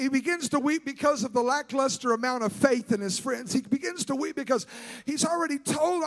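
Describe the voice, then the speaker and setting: A male evangelist with a very high, forceful and bright voice preaches at a church service. He is fervent and shouts often, rising to high peaks as he drives his point home. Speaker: guest evangelist. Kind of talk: sermon.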